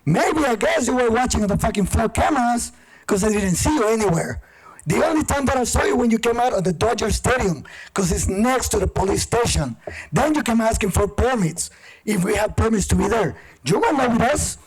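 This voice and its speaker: A man with a high voice and a husky edge gives an accusatory public comment. He speaks heatedly and swears as he lists his complaints into a podium microphone. The sound is of a public meeting chamber. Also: animated, fairly quick, poor audio. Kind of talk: angry public comment speech.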